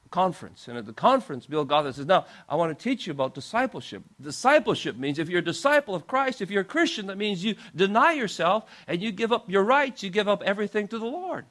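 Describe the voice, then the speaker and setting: A male pastor telling a story in a sermon, animated and acting out the people in it. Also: sits high, fairly quick. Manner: animated storyteller, acts out quoted voices.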